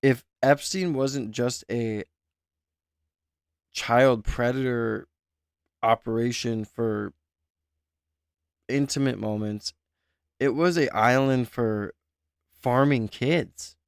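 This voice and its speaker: Gravelly man reacting on a stream. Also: medium pitch, takes it slowly, pauses often, no room sound, clean studio sound. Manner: emotional, exclaiming, speculative. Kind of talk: live reaction commentary.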